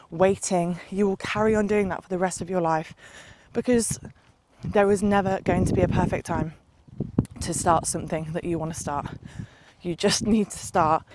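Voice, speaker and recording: A woman vlogger giving an earnest, passionate motivational talk to camera, with long run-on, repetitive sentences. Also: on the low side. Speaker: lifestyle vlogger. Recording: loud background noise.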